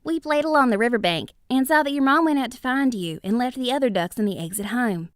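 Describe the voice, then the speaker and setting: A woman voicing the smallest, frightened beaver, talking quick and high. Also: lively intonation, no echo, close to an everyday voice. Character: tiny frightened youngest beaver.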